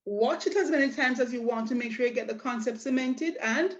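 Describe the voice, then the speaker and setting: A woman teaching a language lesson, explaining step by step with patient, drawn-out examples and rhetorical questions. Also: a little high. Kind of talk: slow, deliberate lesson explanation. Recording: dull, lo-fi audio.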